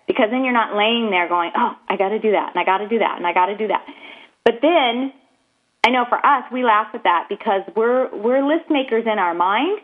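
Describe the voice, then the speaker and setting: Playful woman co-host on a tinny line. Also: fairly high pitch. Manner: playful, laughs often, quick asides. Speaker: podcast co-host. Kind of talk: casual chat. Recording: tinny phone-line sound.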